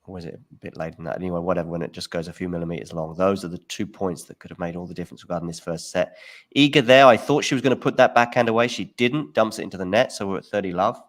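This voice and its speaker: A man with a very low, deep voice calls a tennis match as it happens. His play-by-play is relaxed and mixed with his own opinions on the points. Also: rapid-fire. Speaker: watchalong host. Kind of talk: live match commentary.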